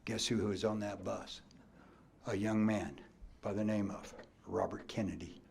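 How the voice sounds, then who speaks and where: Older Midwestern man, coach, lowish voice; animated podium storyteller, whispers then bursts. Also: unhurried, gravelly, a little hiss or hum. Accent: Midwestern American. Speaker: coach and hall of fame inductee. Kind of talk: acceptance speech storytelling. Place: banquet hall at a ceremony.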